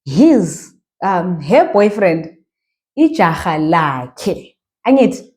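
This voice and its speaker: A woman's voice: lowish voice, big pitch swings, slow pace, a little mellow. A woman with a Zimbabwean accent teaching a language lesson, patiently repeating phrases and checking in with her learners.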